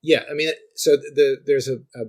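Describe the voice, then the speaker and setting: A middle-aged guest scholar explains ancient music in conversation, thinking aloud, restarting often, and demonstrating on guitar. His voice is on the high side with a steady tone and moderate pace. The recording is rough.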